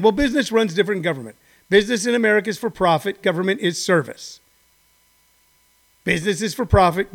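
A man's voice: high-pitched, a bit bright. An older man hosting a podcast, giving rambling, opinionated commentary. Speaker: podcast host. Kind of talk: casual political commentary.

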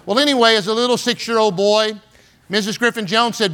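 A fast-talking pastor in his 60s from San Antonio, Texas, preaches a storytelling sermon in a folksy style heavy with "and, uh" and "man." His voice is high-pitched with a sharp tone.

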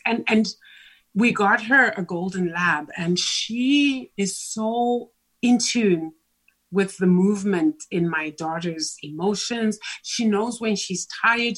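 A middle-aged woman co-hosting a podcast, chatting casually and telling animated stories with frequent laughs. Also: medium pitch, breathy edge. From Africa. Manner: animated storyteller, laughs often. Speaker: podcast co-host. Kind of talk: casual chat.

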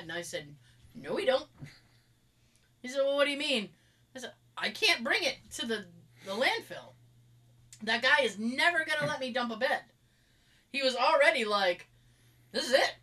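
Animated Massachusetts woman telling a story. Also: a little high. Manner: animated storytelling with sound effects. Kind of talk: casual chat.

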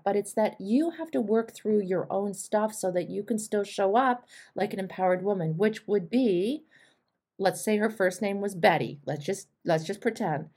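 A woman's voice: mid-range voice, animated, moderate pace, mellow, slightly rough. A woman host coaching a caller, telling candid stories with emphatic, direct delivery. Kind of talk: coaching advice on a call.

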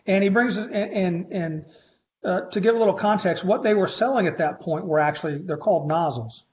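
Animated storytelling man, lo-fi sound. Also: high-pitched, brisk. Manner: animated storyteller, frequent restarts. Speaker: faculty instructor being interviewed. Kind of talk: conversational storytelling interview. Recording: slightly muffled lo-fi recording.

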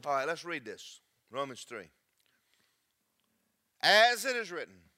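A man preaching a sermon, emphatic and preachy, swinging between loud and soft. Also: on the high side, big pitch swings, unhurried, pauses often. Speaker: pastor.

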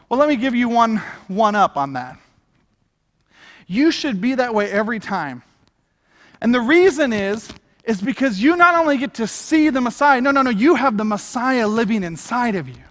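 A man preaching a sermon with energetic, conversational delivery and casual slang. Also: extremely high pitch, brisk. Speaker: pastor. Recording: long hall reverb.

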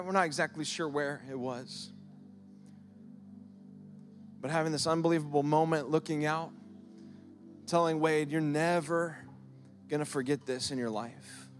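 A man in his thirties or forties, a pastor preaching a sermon in a lively, conversational way, using props and acting out prayers. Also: on the high side. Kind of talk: sermon with object lessons. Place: church service.

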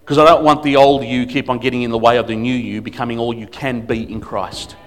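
A man preaching as a guest speaker at a church service, emphatic, swinging between loud declarations and quiet asides. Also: medium pitch, fairly even intonation, a little fast. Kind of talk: sermon.

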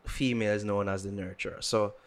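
A man with a Jamaican accent co-hosting a podcast in casual chat, animated and often repeating words as he moves between English and patois. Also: lowish voice, fast. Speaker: podcast co-host.

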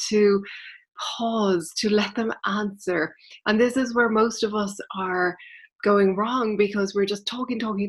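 A woman's voice: medium pitch, fairly bright tone. A woman giving a spiritual guidance talk as a teacher, earnest and explanatory, speaking directly to her listeners.

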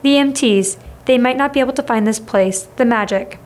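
Woman reading as a raspy, pained old shopkeeper. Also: on the high side, a little fast, natural voice. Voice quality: raspy, strained. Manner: tight, pained. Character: injured old woman tea shop keeper.

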